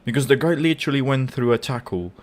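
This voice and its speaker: A man's voice: mid-range voice, lively intonation, quick pace. Male fan-channel host reacting live to a match: heated, profane, informal rant. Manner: angry, swearing rant; informal, repeats words.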